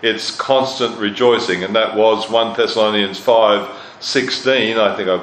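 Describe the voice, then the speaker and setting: A man's voice: fairly low pitch, steady tone, unhurried, a bit bright. A man preaching a sermon as pastor, emphatic, repeating lines for stress and putting questions to his hearers. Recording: roomy hall sound with faint noise.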